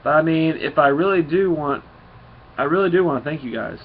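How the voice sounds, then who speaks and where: A man's voice: on the high side, a little fast, narrow, tinny audio, slight background noise, lightly acted. A man reading as a breezy, wisecracking billionaire inventor.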